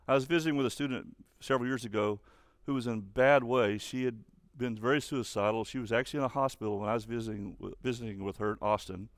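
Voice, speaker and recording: Earnest youth pastor, gravelly man's voice. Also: mid-range voice, quick pace, dry recording. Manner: earnest, speaks straight to teens. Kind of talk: online youth sermon.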